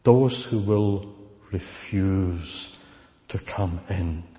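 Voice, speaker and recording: A man preaching a sermon, slow and deliberate, repeating key words for weight. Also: low voice. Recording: dull recording with long hall reverb.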